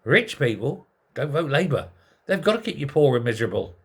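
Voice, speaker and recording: A political commentary host rants sarcastically about politics in a medium-pitched, sing-song, brisk voice with a breathy edge. His monologue sounds exasperated and is full of rhetorical questions.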